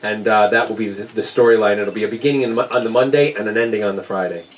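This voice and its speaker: A man with an American accent, an author answering audience questions at a book signing with joking, animated storytelling. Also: on the low side, fast, slight background noise. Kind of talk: casual audience Q&A. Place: indoor book-signing event with a crowd. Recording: crowd chatter behind.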